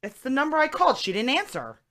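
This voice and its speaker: Bright, lively, exasperated woman co-host. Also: sits high, fast talker. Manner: exasperated, bickering, swears freely. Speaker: podcast co-host. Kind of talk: casual chat.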